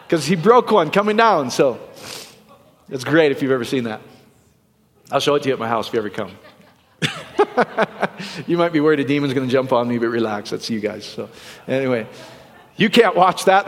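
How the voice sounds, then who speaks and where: A male pastor preaching a sermon in a loose, joking style, full of quick asides and questions to the congregation. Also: on the high side. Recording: long reverb of a church hall.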